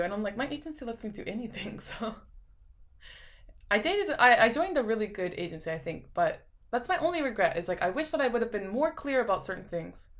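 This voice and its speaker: A young woman with a lisp, chatting casually on a live stream and reading viewer comments out loud, rambling with lots of fillers. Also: medium pitch. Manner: rambling, filler-heavy, laughs often.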